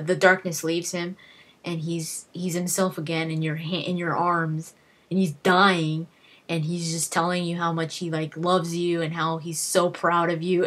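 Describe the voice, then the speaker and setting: A woman's voice: on the low side, sharp tone. A woman hosting a gaming video, telling emotional stories in a casual, heartfelt way, with frequent restarts and acted-out exclamations. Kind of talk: casual talk to camera.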